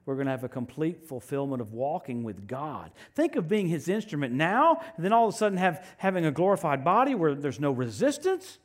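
A man preaching a sermon, telling personal stories with animated swings from loud proclamations to hushed asides. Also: a little high, fairly quick, few pauses. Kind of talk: sermon with storytelling.

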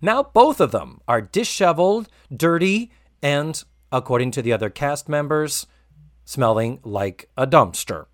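A podcast co-host recapping a TV episode in casual chat, animated and quoting the characters. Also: mid-range voice, measured pace, no echo, clean studio sound. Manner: animated, quotes and mimics characters.

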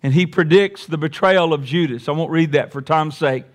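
A man, a pastor, delivering a sermon. He swings from quiet, reflective talk to raised, emphatic repeated lines, with folksy asides. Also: a little high, normal speed.

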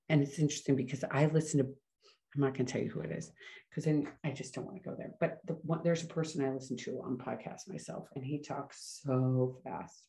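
A middle-aged woman talking fast and casually in a solo podcast monologue, often correcting herself as she goes. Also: a bass voice, mellow. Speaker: podcast host.

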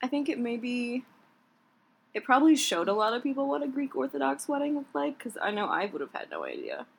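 A woman's voice: high voice, big pitch swings, a little fast, vocal fry, husky, poor audio. A woman co-hosting a podcast in casual chat. She talks with a hesitant, chatty manner and often laughs. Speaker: podcast co-host.

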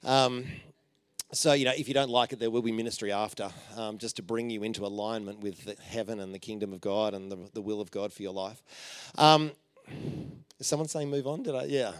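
A man preaching a conversational sermon, telling stories with playful jokes and asides, and dropping to a soft voice for emphasis. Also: fairly low pitch, a little fast, clear, resonant tone, no room sound. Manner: informal and joking, with many fillers and playful asides.

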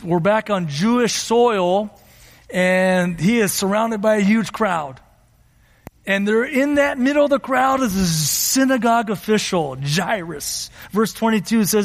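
A man preaching a sermon as pastor, earnest, slowing down for emphasis and acting out quotes. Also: sits high, animated, vocal fry. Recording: reverberant hall.

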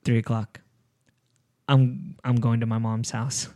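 A man's voice: medium pitch, little pitch movement, unhurried, warm tone, no echo. A man hosting a podcast, telling a story in a rambling, casual way with frequent swearing. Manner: rambling, restarts, swears often. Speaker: podcast host.

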